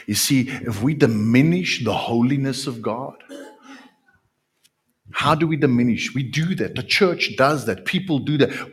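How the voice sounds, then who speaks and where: A male pastor preaching a sermon. His voice is slightly husky and he takes his time, lingering on words and repeating them for emphasis as he moves between hushed and forceful passages. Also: mid-range voice. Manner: emphatic, drawn-out repetitions, swings from quiet to loud.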